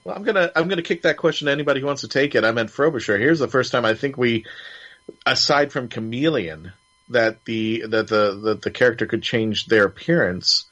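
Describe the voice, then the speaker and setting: A man hosts a casual review discussion, rambling and restarting his sentences as he goes. He sits at a middling pitch, and the audio is slightly muffled and lo-fi. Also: a little fast, a bit bright. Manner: rambling, many restarts and fillers. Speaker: podcast host.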